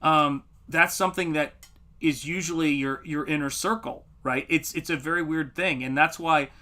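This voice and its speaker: Man, middle-aged, bright tone, higher pitch, casual livestream talk, animated stories. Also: normal speed. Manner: animated storytelling, acts out quotes. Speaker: comic artist streamer.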